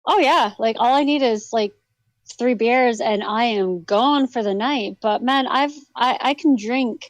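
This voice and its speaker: A woman co-hosting a casual late-night livestream, chatty and quick to laugh. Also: on the high side, dry recording. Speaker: livestream co-host.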